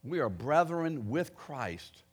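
A male preacher delivering a sermon in an emphatic way. He pushes key phrases out loudly and then drops low and quiet as he drives each point home. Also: very animated, slow. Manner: emphatic, rising to loud stresses then dropping low.

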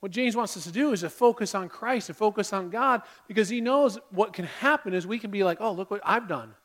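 High-voiced man preaching a sermon. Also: fairly quick, fairly bright tone. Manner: conversational preaching, acts out listeners' inner voices. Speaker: pastor.

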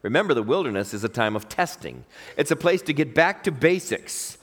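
A man's voice: medium pitch, a little fast, in a large hall. A man preaching a sermon, reading scripture and asking his listeners questions. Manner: lively, questions the congregation. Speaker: pastor.

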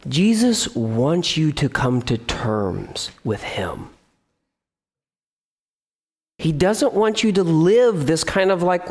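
A male pastor delivers a sermon in a high-pitched voice that rises and falls expressively. He jumps animatedly between explanation and acted-out scenes, slipping into the voices of the people he describes. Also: unhurried. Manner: animated, acts out complaining voices.

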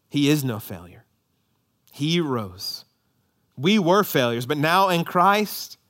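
A man preaching a sermon as pastor, impassioned and emphatic, rising to loud peaks. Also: fairly high pitch.

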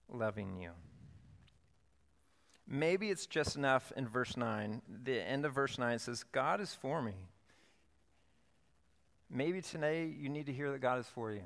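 A pastor delivering a sermon, telling stories in a playful yet earnest way with lively emphasis. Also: male voice, medium pitch. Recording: long hall reverb.

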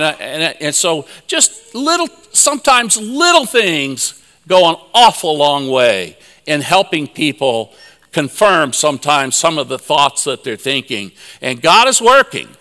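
High, bright-voiced man preaching in a hall. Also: sing-song, measured pace. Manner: folksy, chuckling storyteller. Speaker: conference speaker. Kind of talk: sermon with personal anecdotes.

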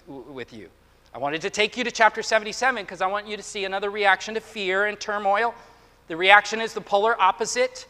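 A man's voice: sits high, sharp tone. A man preaching a Sunday sermon, emphatic and reading scripture with drama. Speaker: pastor. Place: church sanctuary. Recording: echoey hall.

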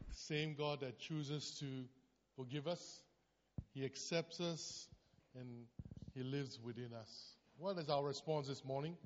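A man gently closing a church service, speaking slowly with small fillers. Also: mid-range voice. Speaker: worship leader. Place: church hall. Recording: dull sound, long hall reverb, faint noise.

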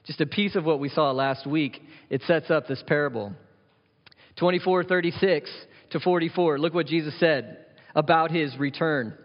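Male pastor, earnest conversational sermon, somewhat high voice, muffled recording with long reverb. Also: moderate pace. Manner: earnest, conversational preaching with rising emphasis. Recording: dull sound with long hall reverb.

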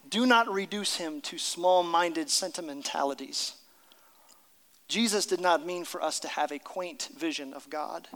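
High-voiced pastor preaching in a reverberant hall. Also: male voice, fairly bright tone. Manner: emphatic, reads story aloud with character voices. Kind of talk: sermon.

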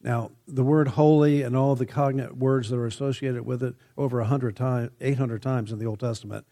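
A man preaching a sermon, measured and emphatic, lifting his voice when he quotes scripture. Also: medium pitch, steady tone, warm tone.

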